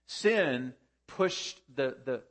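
A male pastor delivering a teaching sermon at a medium pitch. He keeps turning to the congregation with rhetorical questions, and his voice swells and falls as he stresses key points. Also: animated, very slow.

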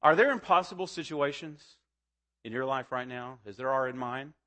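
A man's voice: medium pitch, moderate pace, pushed and bright. A man preaching a sermon as pastor, earnest and building to fervent emphasis.

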